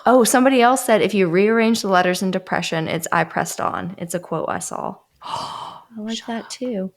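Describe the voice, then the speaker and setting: Gravelly-voiced woman podcast co-host. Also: mid-range voice, fairly quick. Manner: reads listener answers aloud, laughs often. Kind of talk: casual group podcast chat.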